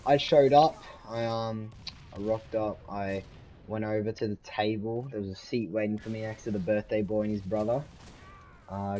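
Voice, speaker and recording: A young man telling a story in a rambling, casual way, swearing often and tripping over his words. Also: mellow. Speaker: storytelling vlogger. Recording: low-quality home mic.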